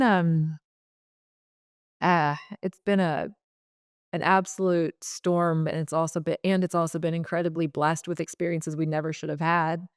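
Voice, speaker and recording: A middle-aged woman recounts memories of her family in an emotional, unhurried way, pausing often with fillers and restarts. Her voice sits low and smooth and clear. The sound is dry and close, with no room around it. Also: dry recording. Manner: heartfelt, halting, many fillers and restarts. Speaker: podcast guest. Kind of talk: emotional personal storytelling.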